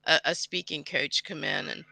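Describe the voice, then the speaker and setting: A woman's voice: deep voice, big pitch swings, normal speed, creaky, noisy background. A woman in a casual chat, giggly and self-deprecating.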